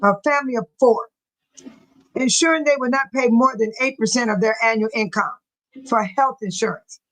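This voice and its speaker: A woman's voice: a little high, moderate pace, fairly bright tone, rough recording. A woman hosting a live chat, reading viewer comments aloud and often breaking into laughter, speaking in a folksy, churchy way. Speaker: livestream host.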